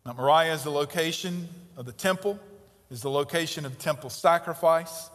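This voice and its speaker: A male pastor delivers a sermon with emphatic preaching, pressing hard on key words and dropping into quiet asides. His voice sits a bit high for a man. The sound carries a long reverb of a church hall. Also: moderate pace. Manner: emphatic preaching, swings between loud stresses and quiet asides. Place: church sanctuary.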